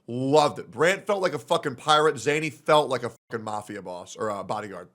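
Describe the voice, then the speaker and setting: A man's voice: mid-range voice, expressive, a little fast, a bit bright. A young man streaming a reaction, talking casually and bluntly, swearing often and ranting heatedly about a game.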